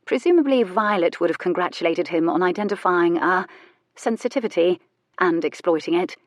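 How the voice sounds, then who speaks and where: An audiobook narrator with a lower-pitched female voice reads scripted romance narration in a measured, even manner. The recording is dry and close, with no room sound.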